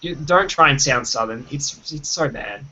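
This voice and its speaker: A man's voice: fairly high pitch, sharp tone. Blunt, opinionated man on a lo-fi podcast. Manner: blunt, opinionated, with quick asides. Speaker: podcast co-host. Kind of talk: casual film discussion. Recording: dull lo-fi recording.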